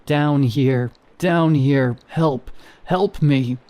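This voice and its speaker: A man voicing a trapped girl who turns out to be a mimicking creature, pleading and then eerily calm, with a raspy whisper. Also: medium pitch, very slow. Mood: menacing whisper. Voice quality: raspy whisper in its eerie moments.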